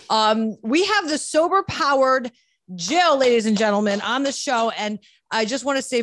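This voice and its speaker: Woman podcast host, fooling around and swearing, with a lively, bouncy pitch and a dry, close sound. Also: dry recording. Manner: joking, profane, self-deprecating. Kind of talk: casual recovery podcast chat.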